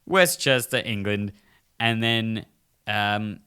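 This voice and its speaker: A man on a podcast chatting casually, rambling through deadpan made-up facts and jokes. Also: on the low side, takes it slowly, smooth. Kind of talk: casual chat.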